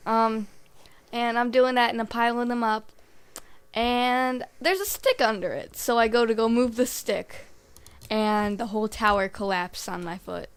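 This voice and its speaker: A woman's voice: a little high, unhurried, clean tone. A teenage girl guesting on a casual podcast, telling mishap stories in a laid-back way. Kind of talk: casual storytelling chat.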